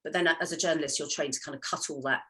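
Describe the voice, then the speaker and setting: A woman talks about her writing in a relaxed interview, with a husky, breathy edge to her voice. She rambles warmly through hesitations and frequent laughs, in a low register. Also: racing. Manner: chatty, hesitant with many ums, laughs often. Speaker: novelist guest. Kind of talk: casual interview chat.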